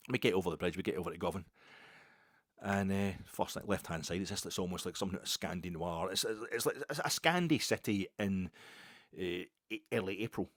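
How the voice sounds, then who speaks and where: A man's voice: low voice, no echo. A Scottish man hosting a podcast, telling a rambling, self-mocking anecdote with plenty of swearing. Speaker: podcast host. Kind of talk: casual anecdote storytelling.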